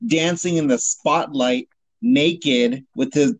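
Upbeat man with a somewhat high voice. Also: animated, takes it slowly, low-quality recording. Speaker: podcast co-host. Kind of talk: casual chat.

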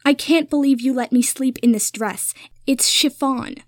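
A woman reading a story aloud, voicing a furious young woman who talks loudly and indignantly. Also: fairly high pitch, a little slow, no echo. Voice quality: loud, indignant.

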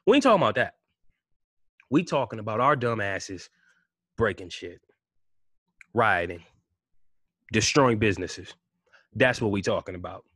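A man giving an impassioned commentary rant, firing rhetorical questions and swinging between loud outbursts and low mutters. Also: lively intonation, unhurried, long pauses, dry recording, studio quality. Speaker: vlogger.

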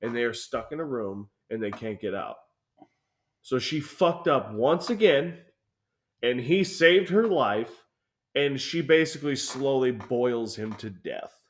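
A young man chats loosely on a podcast, cursing freely as he rambles through a story. His voice sits at an ordinary middle pitch. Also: expressive, unhurried. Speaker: podcast co-host. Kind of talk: casual chat.

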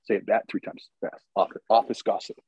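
A man with a low, husky voice tells a rambling, crude story and laughs his way through it. The sound is close and dry, with no room around him. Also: level tone, brisk, darkish tone, dry recording, dull audio. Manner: rambling, crude, laughs while telling stories. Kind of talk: casual storytelling chat.

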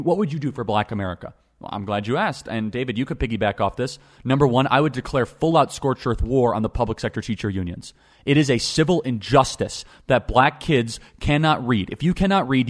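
A young man hosting a political talk show, speaking emphatically and repeating phrases for stress. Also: medium pitch. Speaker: podcast host.

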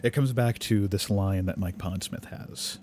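A man's voice: sits low, measured pace, darkish tone, a little hiss or hum. A man co-hosting a podcast in casual chat, explaining his view at length with restarts and the odd swear. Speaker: podcast co-host.

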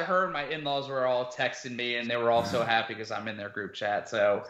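A man's voice: medium pitch, steady tone, a little fast, hardly any pauses, a bit bright. A man co-hosting a casual sports podcast, rambling through his analysis with lots of fillers. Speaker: podcast co-host. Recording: roomy, dull lo-fi sound.

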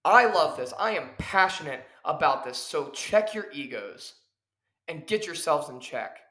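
Guy on his podcast going off about wrestling, kinda high voice, echoey room, keeps repeating himself. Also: animated, unhurried, sharp tone. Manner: heated, preachy, repeats his points. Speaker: podcast host, professional wrestler. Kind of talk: ranting solo podcast.

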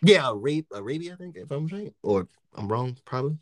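With no room sound around him, a man of medium pitch speaks fairly quickly as he tells an animated, profane story in casual chat, often laughing and voicing what people said.

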